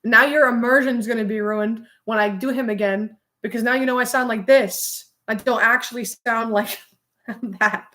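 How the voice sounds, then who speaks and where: A young woman talks loosely to her viewers in a relaxed livestream chat, her voice sitting a little high. She rambles, leans on fillers and keeps breaking into laughter as she thinks aloud. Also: normal speed. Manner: chatty, rambling, many "like" fillers, laughs often. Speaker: streamer.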